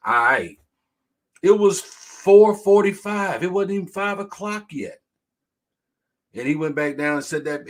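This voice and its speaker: A middle-aged man with a high-pitched, unhurried voice hosts a casual live-stream talk show. He tells animated stories, reads viewer comments out loud, and laughs hard.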